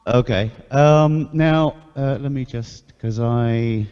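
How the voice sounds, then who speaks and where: A man on a group voice call, talking in a slow, measured way through a mic with a radio-style filter. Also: medium pitch, a little mellow, smooth. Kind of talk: casual group chat over voice call. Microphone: voice-chat microphone with a radio filter setting. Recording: lo-fi with long reverb.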